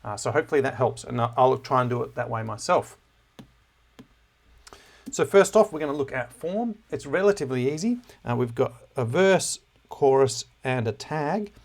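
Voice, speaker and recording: A man giving a relaxed music lesson, with many filler words and self-deprecating asides. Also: medium pitch, normal speed, creaky. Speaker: music teacher. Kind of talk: casual classroom lesson on music analysis.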